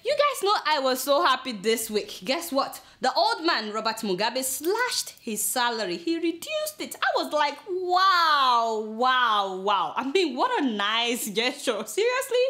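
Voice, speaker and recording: High-pitched Nigerian woman mocking the news. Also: sing-song, a little slow, few pauses, a bit bright. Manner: mocking, exclaiming, talks to her crew. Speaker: host. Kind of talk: satirical news commentary.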